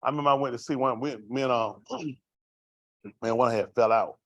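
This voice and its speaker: A man's voice: medium pitch, fairly quick, a bit bright, no room sound. A man giving a raw, vernacular testimony to a congregation, asking the room rhetorical questions as he tells his story. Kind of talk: street-life testimony to a congregation.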